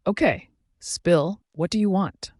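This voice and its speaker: Man doing proud young woman, lively, a touch higher, dry close mic. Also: slow pace, no echo. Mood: excited.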